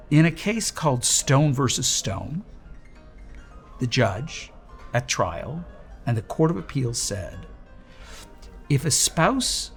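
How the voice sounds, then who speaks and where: Deliberate middle-aged male lawyer. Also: mid-range voice. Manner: storytelling, then slow and deliberate. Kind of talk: legal explainer with a told joke.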